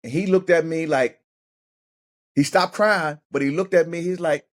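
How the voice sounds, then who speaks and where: Middle-aged man telling lively stories. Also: a little high, normal speed. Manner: animated storyteller who acts out other people's voices; repeats and restarts words while thinking. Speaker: podcast guest, former pro football player turned high school coach. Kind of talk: casual storytelling interview.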